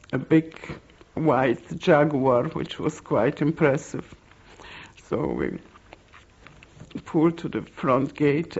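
An older woman from Poland, giving oral history testimony in an interview, speaking in a slow, halting, reflective way. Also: deep voice, darkish tone. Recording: dull lo-fi recording.

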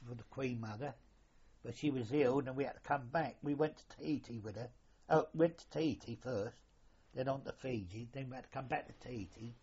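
Older man, husky, plain middle pitch, rambling chatty storyteller, dull lo-fi recording. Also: a little mellow. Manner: rambling, colloquial, mild swearing. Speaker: interviewee, former royal yacht sailor. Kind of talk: casual reminiscing.

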